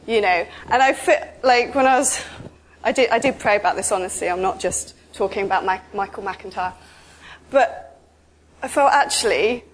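A woman giving an informal, chatty sermon, telling stories with lively asides. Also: fairly high pitch, a little hiss or hum. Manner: chatty, animated storytelling with asides. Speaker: preacher.

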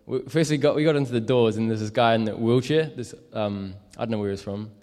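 A man's voice: fairly low pitch, fast talker, a little mellow, big-room sound. A young man telling a casual, rambling story as a street evangelist, full of fillers. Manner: rambling, many fillers and likes.

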